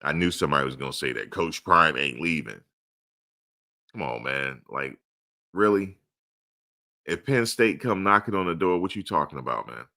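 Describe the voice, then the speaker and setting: A man's voice: very deep voice, expressive, normal speed, vocal fry, pauses often, sharp tone. A man hosting a live sports stream, answering chat with emphatic, repeated rhetorical questions. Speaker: livestream host.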